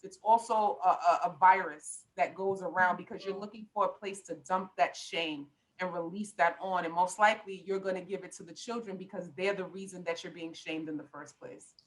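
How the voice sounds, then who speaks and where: A woman's voice: fairly low pitch, fairly even intonation, a little fast, few pauses, poor audio. A middle-aged woman life coach talking on a podcast, passionate and emphatic, with lots of preacher-like repetition. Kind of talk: podcast conversation.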